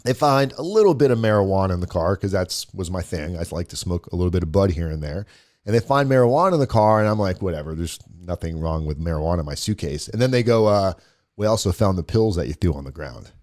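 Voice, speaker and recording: A man's voice: sits low, lively intonation, quick pace, a little mellow. A man, a guest on a show, casually retelling a personal story and quoting what others said along the way. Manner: conversational, quotes others in the retelling, frequent restarts. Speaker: guest telling his story.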